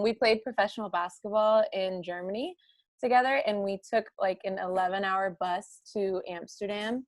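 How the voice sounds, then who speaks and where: A woman sharing a travel story on a video call, halting with frequent pauses and fillers. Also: mid-range voice, fairly bright tone, dry recording. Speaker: game participant, former pro basketball player.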